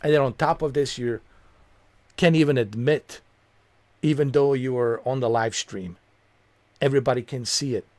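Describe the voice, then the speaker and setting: A man's voice: mid-range voice, a little mellow, no room sound. A man streaming from home, ranting angrily and profanely at a viewer on a close desk mic. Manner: heated, profane, repetitive, confrontational. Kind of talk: angry rant at a viewer.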